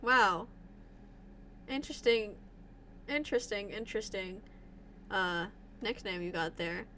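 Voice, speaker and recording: A woman's voice: mid-range voice, lively intonation, moderate pace, a bit bright, slight background noise. A young woman streaming a game live, chatting and rambling with a giggly, casual manner. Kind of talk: live gameplay commentary.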